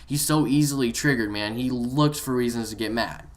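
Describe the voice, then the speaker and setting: Excited young man ranting a story. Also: mid-range voice, normal speed. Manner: excited, rambling, full of "like" and "man". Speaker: gaming vlogger. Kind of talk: casual storytime rant.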